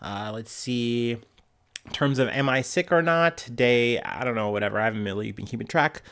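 This podcast host speaks at a normal speed in a medium-pitched voice with vocal fry and a clear, resonant, slightly bright tone. Hosting a casual news podcast, he's nasal and stuffed up from a cold and rambles into the mic, full of fillers and restarts.

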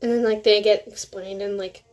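A woman's voice: mid-range voice, steady tone, moderate pace, a little mellow. A teenage girl hosting a casual solo podcast from home, rambling, correcting herself and making sarcastic asides. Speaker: podcast host.

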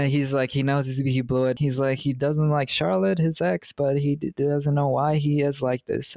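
Gravelly laid-back guy recapping a movie. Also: mid-range voice, fairly even intonation, moderate pace, few pauses, a little mellow, dry recording. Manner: laid-back, profane, joking, recaps scenes in mock quotes. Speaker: podcast co-host. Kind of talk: casual movie recap chat.

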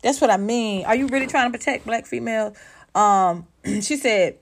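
A woman with a fairly high voice sounds off on celebrity news in a blunt, cussing, sarcastic vlog rant. She keeps firing rhetorical questions at the person she is talking about. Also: moderate pace. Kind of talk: heated celebrity gossip commentary.

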